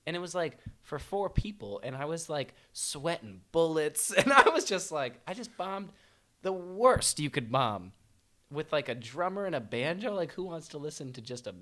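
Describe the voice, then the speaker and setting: A man's voice: on the high side, sing-song, moderate pace, sharp tone. A young man, a guest musician on a podcast, telling stories in casual chat and laughing through his words.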